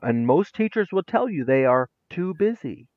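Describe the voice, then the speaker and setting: Middle-aged male educator, guest, emphatic and slangy, very lively intonation, dry close sound. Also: fairly high pitch, moderate pace, no echo, highs cut off. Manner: emphatic, punchy delivery with casual slang. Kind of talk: animated storytelling in conversation.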